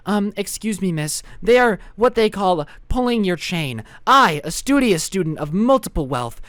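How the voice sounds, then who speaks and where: A prim know-it-all schoolgirl speaks slowly and stiffly, choosing every word with prissy formality, as a young man puts her on. The voice sits high and lively, recorded dry and close. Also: no room sound. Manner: prissy, slow and overly formal. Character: prim, know-it-all teen girl, straight-A student.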